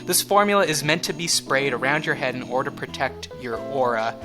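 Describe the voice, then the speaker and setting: A man's voice: medium pitch, a little fast, music in the background. A man hosting a comedy podcast, talking in a playful, giggly, rambling way. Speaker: podcast host.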